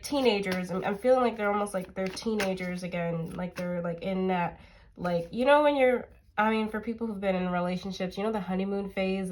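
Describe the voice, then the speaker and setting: A woman's voice: medium pitch, slight background noise. A woman tarot reader with a stuffy, nasal voice, chatting casually and rambling with lots of fillers as she reads the cards. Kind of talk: casual tarot reading chat.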